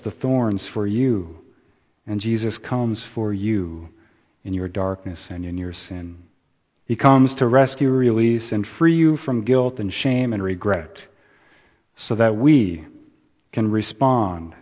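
A man preaching a sermon, slow and deliberate, building emphasis and then easing off at the ends of phrases. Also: on the low side, darkish tone. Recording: dull sound in a reverberant hall.

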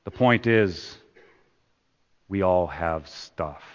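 A man preaching a sermon. He swings from loud emphasis down to hushed, repeated words. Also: deep voice, extremely slow. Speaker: pastor. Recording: long hall reverb.

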